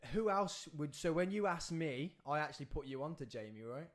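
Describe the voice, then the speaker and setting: A young man hosting a podcast, chatting casually and telling anecdotes in quick bursts with trailing asides. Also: on the high side, expressive. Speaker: podcast host. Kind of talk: casual chat.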